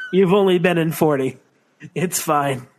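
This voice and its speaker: A man's voice: fairly high pitch, slow pace, slight background noise. A man in his thirties co-hosting a casual wrestling chat, playful and joking, slipping into silly accents. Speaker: podcast co-host.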